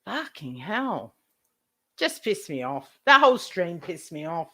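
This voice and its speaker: A woman's voice: fairly low pitch, very animated, slow, fairly bright tone. A woman live streamer ranting to her chat, indignant, swearing heavily and repeating herself.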